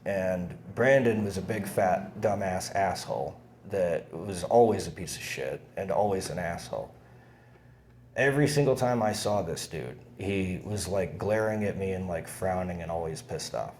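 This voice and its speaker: Rambling, cursing young man, very deep voice. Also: normal speed, a little mellow, slight background noise. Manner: rambling, profane, many fillers and restarts. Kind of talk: casual monologue recounting events.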